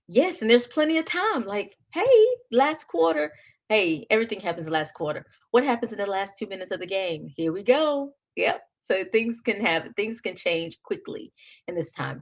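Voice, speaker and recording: A middle-aged woman hosting a live stream, chatting casually with viewers in a lively, rambling way and laughing often. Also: fairly low pitch. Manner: chatty, rambling, frequent restarts. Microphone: phone live stream.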